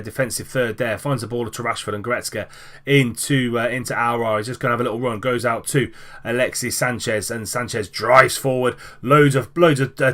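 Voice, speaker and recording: Casual man calling game highlights. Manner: casual, lively with frequent fillers and restarts. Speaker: gaming commentator. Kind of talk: play-by-play commentary over a football management game.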